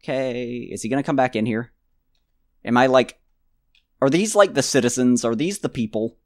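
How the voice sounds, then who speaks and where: A man's voice: medium pitch, normal speed, no echo, studio quality. A man casually commenting on his own gameplay, rambling and joking to himself with mock outbursts. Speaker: let's play gamer.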